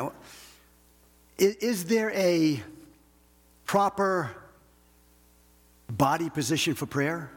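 A man's voice: fairly high pitch, lively intonation, slow pace, long pauses, in a large hall. A man preaching a conversational sermon, often restarting his sentences and checking in with the congregation by asking "okay?". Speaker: pastor.

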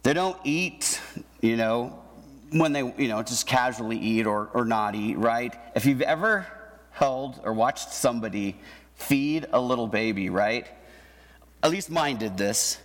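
A pastor giving a conversational sermon, often checking in with the congregation by asking "right?". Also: male voice, mid-range voice, expressive, unhurried, a bit bright. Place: church hall with an audience. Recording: long reverb of a hall.

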